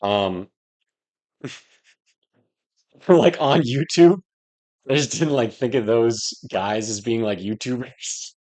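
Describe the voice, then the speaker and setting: A man's voice: mid-range voice, slow, long pauses, a little mellow. A young man chatting casually on a livestream, rambling and joking with lots of fillers. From United States. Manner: rambling and jokey, lots of "like" and laughing. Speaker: streamer.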